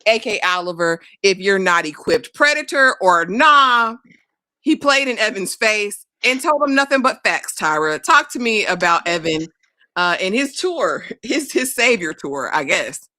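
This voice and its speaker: A woman co-hosting a casual TV recap, telling the plot in a sassy, animated way. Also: mid-range voice, measured pace. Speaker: TV recap co-host.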